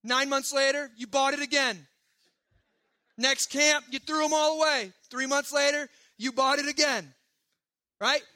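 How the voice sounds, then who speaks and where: A pastor delivering a sermon in a high, strikingly bright voice. He preaches conversationally and with emphasis, tossing quick asides to his listeners. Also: fairly even intonation.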